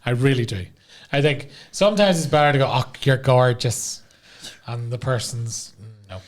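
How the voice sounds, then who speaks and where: A man hosting a podcast in a casual, jokey, lively chat, quick to laugh. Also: mid-range voice. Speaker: podcast host.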